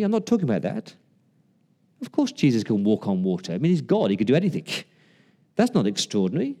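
This pastor's voice is fairly high and mellow as he preaches in a conversational style, asking his listeners questions and pausing for effect. Quoted lines get performed in a range of different voices.

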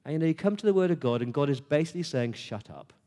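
A man delivers a sermon with a mellow, darker tone. He talks earnestly and conversationally to his congregation, with pauses and restarts. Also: a little high, lively intonation. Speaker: preacher.

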